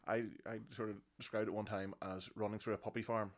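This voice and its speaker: A man's voice: lowish voice, little pitch movement, fast. A man in his thirties with a South Armagh accent, a podcast guest chatting casually with dry, self-deprecating humour. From South Armagh, Northern Ireland.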